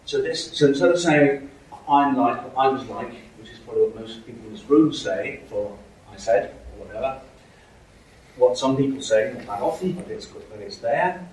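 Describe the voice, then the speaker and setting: A man lectures at a university with a medium-pitched, darkish voice at a moderate pace, often checking in with "okay?" and "right?". He's in a lecture hall, captured from far off with echo and faint noise.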